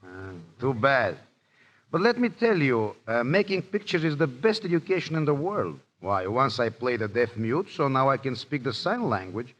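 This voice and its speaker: A man's voice: medium pitch, sing-song, moderate pace, fairly bright tone. Playful boastful man on old radio. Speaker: actor joking with the host. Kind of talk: scripted comic radio banter. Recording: dull lo-fi 1930s radio broadcast.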